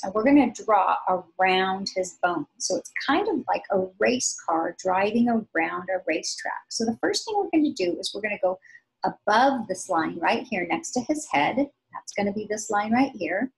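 A woman teaching young children to draw, giving slow, patient, sing-song step-by-step instructions. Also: mid-range voice, vocal fry, rough recording. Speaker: art teacher.

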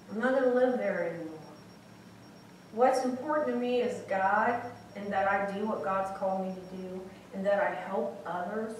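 A woman's voice: mid-range voice, a little hiss or hum. A woman preaching a sermon in a small church, speaking candidly and personally, with many restarts. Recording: very echoey church room from far off.

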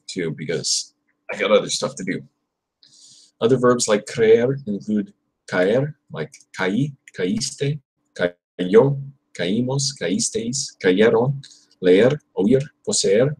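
A young man with a husky, somewhat low voice, working through a casual livestream study session. He repeats verb drills over and over and drops muttered asides between them. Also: lively intonation, slow, darkish tone. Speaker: channel host studying Spanish.

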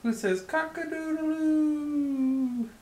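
A woman's voice: sits high, slow, a little mellow. A woman reading a picture book to a toddler, asking coaxing questions and imitating animal noises in a sing-song voice. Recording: roomy home video.

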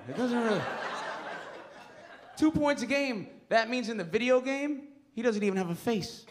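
A young man tells crude, self-mocking stories in a stand-up set, his voice sitting high. The club recording carries clear audience noise behind him. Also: expressive, moderate pace, long pauses. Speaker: stand-up comedian. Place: comedy club stage.

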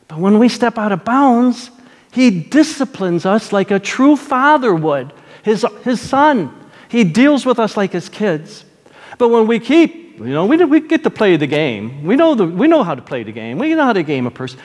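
A man preaching a sermon as pastor, moving between loud, emphatic points and quiet, earnest prayer. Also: high voice, sing-song, moderate pace. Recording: long reverb of a large hall.

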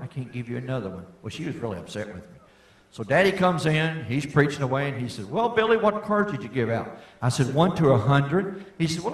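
An older man giving a folksy testimony sermon, rising to fervent shouts. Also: mid-range voice. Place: church meeting hall. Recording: echoey hall.

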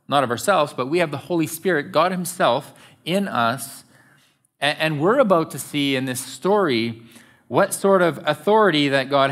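A pastor delivering a sermon in an earnest, emphatic way, in an event centre hall. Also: male voice, mid-range voice, fairly bright tone.

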